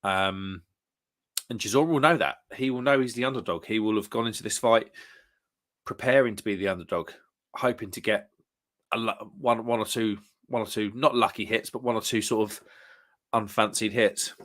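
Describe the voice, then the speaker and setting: A man's voice: lowish voice, normal speed, fairly bright tone. A British man hosting a casual live stream, chatting easily and reading out viewers' comments. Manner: chatty, reads out viewers' comments, chuckles often.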